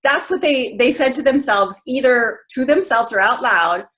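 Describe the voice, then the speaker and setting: A woman's voice: a little high, animated, normal speed, a bit bright. A woman giving an informal webinar talk, who says "um" and "you know" a lot as she explains. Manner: casual, many ums and you-knows. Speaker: webinar presenter.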